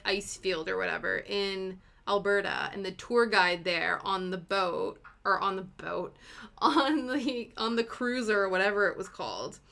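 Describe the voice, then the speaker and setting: A woman's voice: medium pitch, vocal fry, bright, forceful tone. A young woman, chatting casually with viewers while she stitches and sometimes counting stitches under her breath. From Canada. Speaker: cross-stitch streamer.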